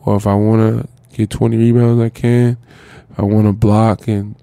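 A man's voice: lowish voice, flat delivery, normal speed, creaky, mellow, clean tone, dry recording. A man in his thirties, a former pro basketball player, telling a long casual story as a podcast guest. He talks in slang and keeps saying "bro" and "swear to God.".

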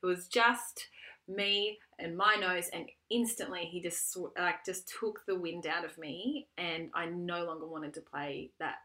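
A woman's voice: on the low side, fairly even intonation, measured pace, pushed and bright. A woman in her thirties, a comedian reacting emphatically in casual chat as co-host.

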